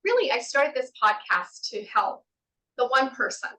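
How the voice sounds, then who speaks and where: A woman hosting a podcast, asking long, searching questions in a gentle, rambling way. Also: high voice, sing-song, moderate pace, poor audio. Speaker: podcast host. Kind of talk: interview questions.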